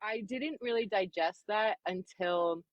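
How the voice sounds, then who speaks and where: A woman who narrates audiobooks, explaining her craft in casual live-stream chat with thoughtful, animated phrasing. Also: medium pitch, unhurried, dry recording, muffled recording.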